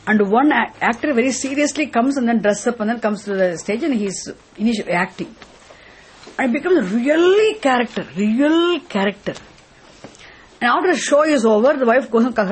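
A woman's voice: a little high, lively intonation, moderate pace, breathy edge. A woman giving a spiritual teaching talk, asking rhetorical questions and then answering them herself.

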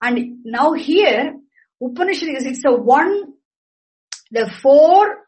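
A woman lecturing on a sacred text, deliberate, repeating and explaining each term. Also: high-pitched, expressive, darkish tone, low-quality recording. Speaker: scripture teacher.

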